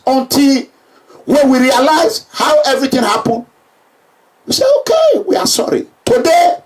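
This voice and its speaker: A Nigerian man giving an emphatic public address, repeating himself and breaking into shouts. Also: high voice, distant mic. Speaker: political speaker.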